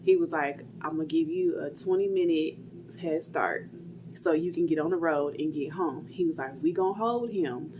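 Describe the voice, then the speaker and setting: A woman's voice: deep voice, moderate pace, noisy background. A young woman casually telling a personal story, chatty and full of fillers, acting out what people said. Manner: chatty, retells dialogue, many "like" fillers.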